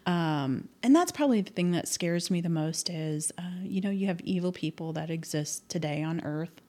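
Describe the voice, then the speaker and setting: A woman's voice: on the low side, moderate pace, warm tone. A woman from the American Midwest, a podcast guest telling personal stories in a thoughtful, hesitant way with many fillers. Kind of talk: casual storytelling interview.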